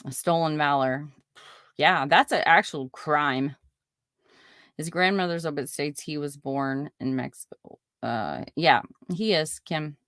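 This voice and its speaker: Indignant low-voiced woman hosting a live stream. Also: unhurried, fairly bright tone, no room sound, studio quality. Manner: chatty, reads viewer comments aloud, indignant. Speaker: podcast host. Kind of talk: casual live-stream commentary.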